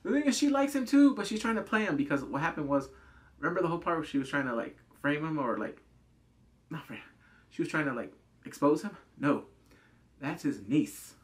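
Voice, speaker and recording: A man's voice: a little high, fairly quick. A man hosting his own channel, chatting casually through a drama review with lots of "like" fillers. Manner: animated, chatty, acts out scenes in put-on voices, many "like" fillers.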